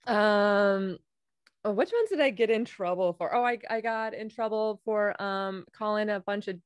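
A woman hosting a casual podcast chat, talking bluntly with lots of swearing and loud laughter. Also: medium pitch, moderate pace, clean tone, dry recording, clean studio sound. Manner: profane, blunt, laughs loudly. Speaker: podcast host; comedian.

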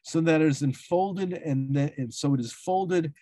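A man reads an academic paper aloud at a symposium, his voice sitting a little high for a man. The sound is dry and close, with no room around it. He reads long, dense sentences and often stumbles, breaks off and corrects himself mid-word. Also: moderate pace, mellow, no room sound. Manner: reads dense prose with frequent self-corrections and restarts. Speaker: academic speaker. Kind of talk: reading a prepared academic paper.

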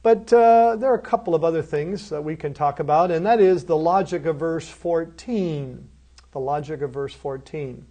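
A man giving a recorded course lecture, emphatic, asking rhetorical questions and answering them himself, slowing down and dropping softly on key phrases. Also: on the high side, dull audio. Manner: slows right down and drops softly on key phrases. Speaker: seminary lecturer.

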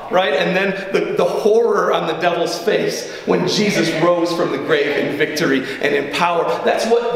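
Male pastor, sermon, earnest chatty delivery, higher voice, reverberant church hall, slightly off-mic. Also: recorded from a distance. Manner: earnest, conversational preaching with repeated asides. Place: church sanctuary.

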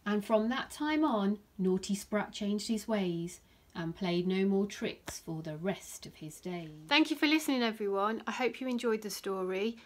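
A primary school teacher reads a rhyming picture book aloud to her class, using a gentle storytelling manner. Her voice is medium-pitched and her speed is normal.

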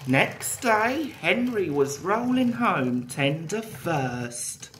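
Woman narrating a story, slow, expressive, roomy echo. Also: on the low side, slight background noise. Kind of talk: storybook reading.

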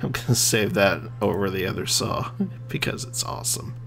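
A man giving casual commentary on his gameplay, excitable and laughing often as he cheers his machine on. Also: fairly low pitch, moderate pace, vocal fry, noisy background. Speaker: gamer. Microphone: desk USB microphone.

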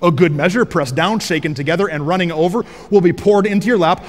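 A pastor preaching a sermon on a headset mic in a large church auditorium, energetic and joking, rising to shouts for emphasis. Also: male voice, high voice, brisk, hardly any pauses, big-room sound.

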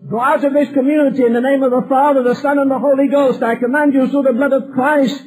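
A male preacher voicing a sixteen-year-old boy in a sermon who loudly commands Satan to leave, his voice climbing high and forceful. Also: flat delivery, fast, soft background music, low-quality recording. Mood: commanding. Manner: commanding, rising to a loud cry.

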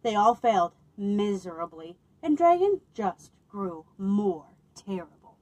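A woman working as a children's librarian, reading picture books aloud to children with expressive delivery and playful asides. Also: medium pitch, measured pace, rough recording.

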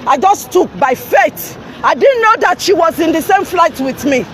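Shouting Nigerian woman livestreaming outdoors. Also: very high-pitched, expressive, normal speed, a faint crowd, a little hiss or hum, poor audio. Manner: shouting, confrontational, repeats herself urgently. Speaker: livestreamer confronting officials. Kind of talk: live-streamed street confrontation. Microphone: phone held while live streaming.

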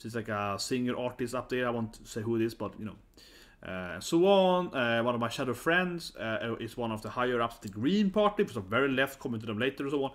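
Man, Swedish accent, native Swedish speaker, casual vlog commentary, rambling, frequent "right?", mid-pitched. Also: animated, brisk. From Sweden. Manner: gets louder and higher when amused. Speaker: vlogger.

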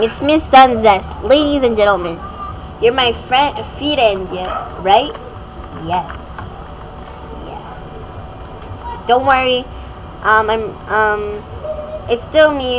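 A woman's voice: on the high side, takes it slowly, pauses often, background noise. A young woman giving casual gameplay commentary as a gaming YouTuber, rambling and giggly with many fillers.

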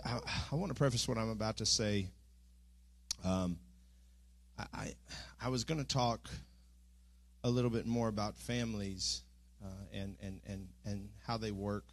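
A middle-aged man, preaching a sermon in a church with earnest speech that rises into impassioned pleading. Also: fairly low pitch. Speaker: pastor. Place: church sanctuary.

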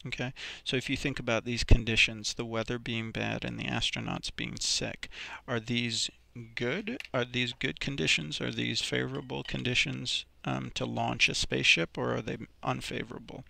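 A man's voice: mid-range voice, steady tone, normal speed, vocal fry, hardly any pauses, sharp tone, no room sound. A man teaching a recorded vocabulary lesson, explaining each example step by step with many ums and restarts.

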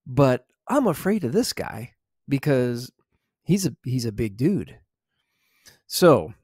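Hesitant man telling a true story softly. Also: mid-range voice, no room sound, studio quality. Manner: hesitant, many fillers and repeated words. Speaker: former store loss prevention officer. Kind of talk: ASMR true-story narration.

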